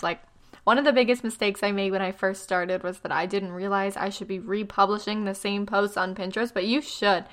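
In a casual vlog, a tired, yawning woman in her twenties gives blogging tips. She's chatty and self-deprecating, full of fillers and quick asides, with a mid-range, fairly bright voice.

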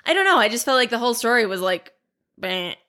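A woman's voice: big pitch swings, fast talker, sharp tone. A woman in her thirties, a mother chatting casually with self-mocking humor and frequent laughs. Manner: laughing, self-mocking, drops low for quoted asides. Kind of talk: casual chat.

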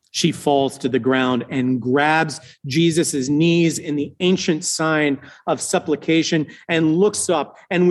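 A male preacher retelling a scripture story as a slow, dramatic sermon with long pauses. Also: fairly high pitch.

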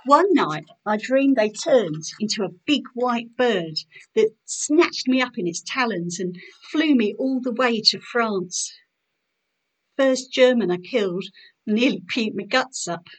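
A woman's voice: a little high, lively intonation, a little slow, poor audio. A woman voicing a melancholic underage working-class boy soldier in a spoken poetry performance.

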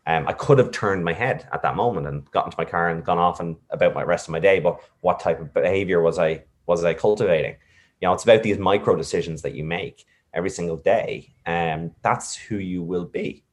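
A man's voice: low-pitched, a little fast. A man reflectively telling a personal story, with many fillers and restarts. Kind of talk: casual storytelling.

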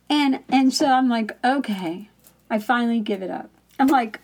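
A woman's voice: a little high, moderate pace. A woman telling a candid personal story in a chatty manner, laughing often as she talks.

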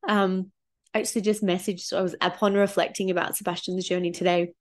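A woman's voice: fairly low pitch, little pitch movement, fairly quick. A woman in her thirties, a parenting coach telling personal stories in a casual, candid way, swearing freely and getting emotional. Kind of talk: casual storytelling vlog.

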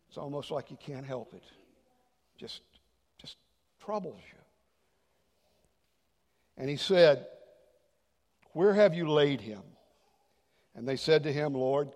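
High-pitched pastor guy preaching, gets loud then goes almost whispery, big echoey church hall. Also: takes it slowly, vocal fry, pauses often. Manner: dynamic preaching, swings from loud emphasis to hushed near-whisper. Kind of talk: sermon.

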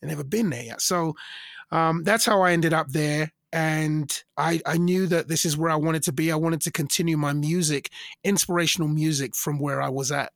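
Gravelly high-voiced middle-aged guy telling stories, does all the voices. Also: normal speed, dry recording, studio quality. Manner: animated, acts out quoted voices with big pitch jumps. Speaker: singer and interview guest. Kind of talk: casual storytelling interview.

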